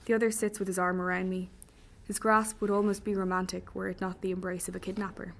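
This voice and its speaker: Woman reading a story out loud, wry and dry, bit of vocal fry. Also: mid-range voice, flat delivery, fast talker. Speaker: audiobook narrator. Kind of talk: first-person story narration.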